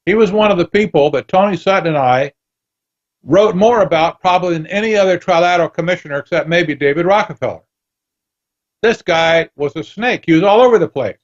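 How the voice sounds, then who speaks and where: A brisk, high-voiced man, a guest author in a radio interview, tells lively stories and performs bits of dialogue, captured on a muffled recording.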